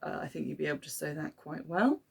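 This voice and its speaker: A woman talks her way through an unboxing in an easy, hesitant chat, giving frank opinions as she goes. Her voice sits low, with a gravelly fry running through it. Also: quick pace, a little mellow. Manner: chatty, hesitant with many ums, mildly critical. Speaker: podcast host unboxing a subscription box.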